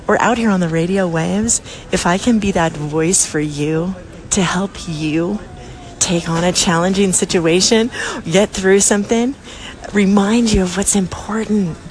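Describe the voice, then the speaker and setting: A woman hosting her own podcast, telling an anecdote in a casual, animated way and laughing often, recorded in a busy airport. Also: mid-range voice, a little hiss or hum. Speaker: podcast host. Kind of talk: casual storytelling monologue.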